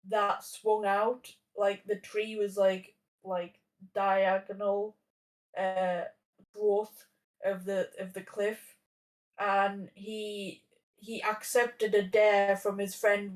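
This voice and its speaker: A woman in her thirties tells a story in loose, casual chat, piling up fillers and restarting her sentences. She sits a little away from the microphone, so her voice comes across slightly distant. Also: medium pitch. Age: 30s. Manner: rambling, many fillers and restarts. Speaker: podcast guest.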